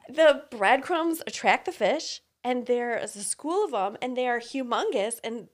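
A middle-aged woman tells a story in casual chat, laughing often. Her voice sits high and swings widely in pitch. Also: lively intonation, unhurried.

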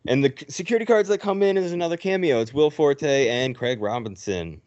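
A man's voice: fairly high pitch, lively intonation, fairly quick, darkish tone. A man hosting a podcast, retelling a film's plot in casual chat and acting out the characters' lines. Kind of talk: casual movie recap. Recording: dull lo-fi recording.

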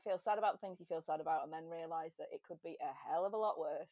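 A woman chatting as a podcast guest, self-mocking and quick to laugh. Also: low-pitched, no echo, muffled recording. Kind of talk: casual chat.

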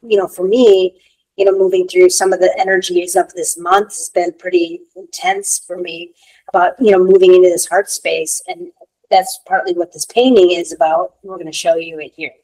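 A woman's voice: fairly low pitch, flat delivery, moderate pace, warm tone, poor audio. A woman co-hosting a casual spiritual talk show, talking in a reflective way with many "you know" fillers. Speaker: podcast co-host.

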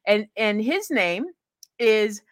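A woman's voice: mid-range voice, expressive, slow, no echo. A woman hosting a podcast in casual, bubbly chat, laughing often and poking fun at herself. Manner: bubbly, laughing, self-deprecating. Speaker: podcast host.

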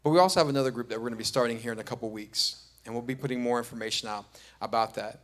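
A middle-aged preacher races through his sermon, his mid-range voice fairly bright. Conversational anecdotes give way to insistent repetition of his key points.

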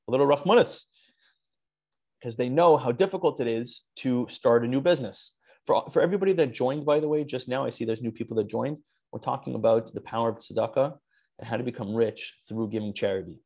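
A man telling a personal story on a video call in a lively storytelling manner, with frequent restarts and Yiddish words. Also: mid-range voice. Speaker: speaker at an online charity talk. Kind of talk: storytelling talk.

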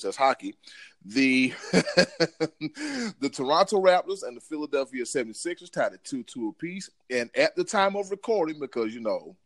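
A man's voice: medium pitch, no room sound. A man hosting a casual sports podcast, hyped up, slangy and self-mocking. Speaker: podcast host.

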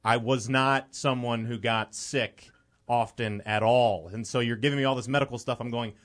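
A man's voice: medium pitch, steady tone, normal speed, fairly bright tone. A young man from the Chicago area, a guest on a talk show, telling a personal story in an earnest, rambling way with many fillers.

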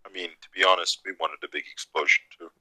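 A man's voice: low voice, fast talker, poor audio. A man co-hosting a casual podcast chat, joking dryly. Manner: dry, jokey, lively. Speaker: podcast co-host.

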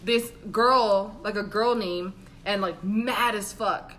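A woman's voice: mid-range voice, takes it slowly. A woman in her twenties on a podcast, telling a dating story casually, acting out quotes with lots of swearing and laughter. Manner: animated, swearing, acts out quotes, laughs often. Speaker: podcast co-host.

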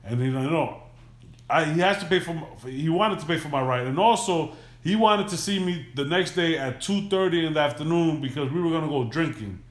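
A man's voice: a little high, brisk. Profane storytelling man, echoey room. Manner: loose, profane, animated retelling. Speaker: podcast host. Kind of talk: casual storytelling.

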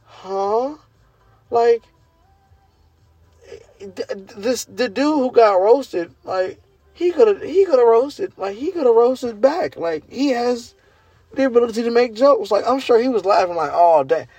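A man, ranting casually and incredulously to his viewers, swearing and climbing high in pitch when worked up. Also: animated, measured pace, darkish tone, husky, no room sound, faint music behind. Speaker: vlogger. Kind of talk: casual rant to camera.

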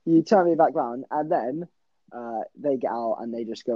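This young male podcast co-host has a mid-range voice with lively intonation and a normal pace. He laughs and swears a lot as he rambles through a story in casual chat. There's no room sound, and the audio is dull, dry and lo-fi.

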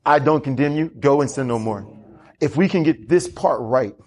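Husky-voiced man preaching. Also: mid-range voice, normal speed. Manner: animated preaching with congregation call-and-response. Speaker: pastor. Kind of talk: sermon.

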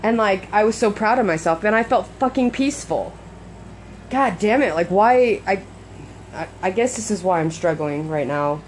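A woman's voice: mid-range voice, lively intonation, moderate pace. Swearing, venting woman vlogger at home. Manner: swears a lot, talks to herself, swings between frustrated and laughing. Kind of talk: venting casual monologue. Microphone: phone recording that sounds muffled. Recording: muffled phone audio, faint background noise.

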